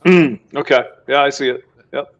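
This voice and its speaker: Gravelly-voiced man hosting a joking group call. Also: medium pitch, moderate pace, muffled recording. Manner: joking, laughs often, crude humor. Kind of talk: casual banter on a group call.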